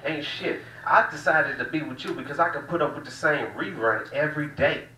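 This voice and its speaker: A man's voice: fairly high pitch, fairly quick, bright, forceful tone. Profane man doing stand-up. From Southern United States. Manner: loose, profane, drawling storytelling. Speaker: stand-up comedian. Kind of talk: stand-up set. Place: small cafe room used as comedy venue. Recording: roomy room, distant mic, faint hiss.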